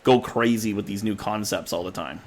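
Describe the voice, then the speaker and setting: A man co-hosting a casual movie review podcast, excitable and laughing often as he acts out his reactions. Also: lowish voice, fairly quick. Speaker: podcast co-host.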